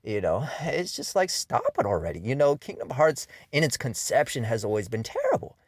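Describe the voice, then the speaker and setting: Exasperated man ranting, lively pitch, dry close mic, profane gaming commentary. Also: brisk, dry recording. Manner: profane, exasperated, fillers "you know" and "man". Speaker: video game commentator.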